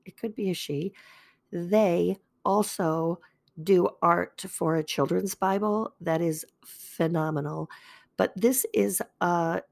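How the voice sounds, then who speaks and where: Slow, gravelly older woman podcaster. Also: fairly low pitch. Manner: calm, chatty, self-deprecating. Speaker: podcast host. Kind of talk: gentle faith podcast talk.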